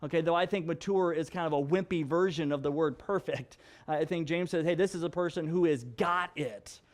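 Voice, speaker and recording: High-voiced pastor teaching with lively emphasis. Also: male voice, brisk. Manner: animated and conversational, acts out examples; frequent restarts and emphatic repetition. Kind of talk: casual Bible teaching.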